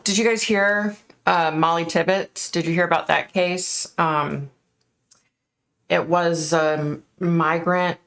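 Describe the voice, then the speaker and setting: A woman's voice: deep voice, vocal fry, fairly bright tone. A woman hosting a casual livestream, chatting and reacting aloud to viewer comments. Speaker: livestream host.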